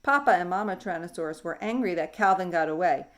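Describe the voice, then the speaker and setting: A woman teacher reading a picture book aloud in a slow, expressive storybook manner. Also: on the low side.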